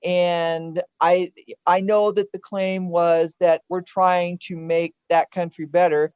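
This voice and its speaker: A woman's voice: fairly low pitch, level tone, slow pace, a little mellow, clean tone, no room sound. An older woman talking earnestly about past elections on a podcast, opinionated and often restarting her sentences. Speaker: podcast guest, host's mother. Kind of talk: casual political conversation. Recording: dull dry sound.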